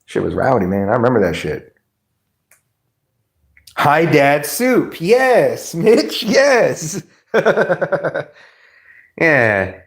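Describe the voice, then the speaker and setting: A man hosting a casual livestream, talking to his viewers at an unhurried, easygoing pace. He rambles from one thought to the next, laughs often, and swears freely. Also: fairly high pitch, wildly swooping pitch, creaky. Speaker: live streamer.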